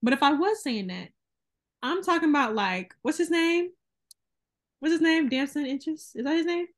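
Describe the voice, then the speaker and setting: A woman's voice: high-pitched, lively intonation, moderate pace. A young woman hosting a podcast, talking in an emphatic, wry casual chat. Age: young adult. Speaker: podcast host.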